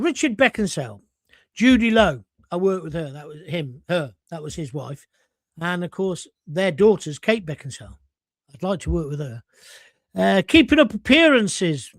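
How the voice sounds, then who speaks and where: A man's voice: high-pitched, no room sound. An older man hosting a casual live stream, chatting bluntly and cheekily while reading out viewer comments.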